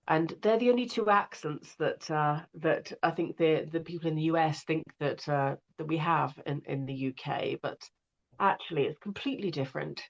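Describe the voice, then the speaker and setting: Through a muffled recording, a woman with a low voice talks at a normal pace. She narrates audiobooks, hails from northwest England, and as a guest she chats loosely, drifting between topics and filling gaps with fillers.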